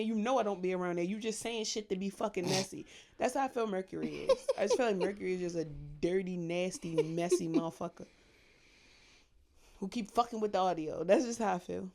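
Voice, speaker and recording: A woman co-hosting a podcast in casual chat, an animated storyteller who swears freely and acts out gossip in high mock voices. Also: quick pace. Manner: profane, slangy. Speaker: podcast co-host.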